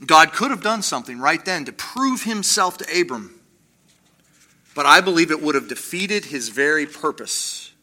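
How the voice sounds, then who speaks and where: A man preaching a sermon, animated, acting out the voices he quotes and slowing to quiet emphasis on key lines. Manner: animated, acts out quoted voices with rising pitch. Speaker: pastor.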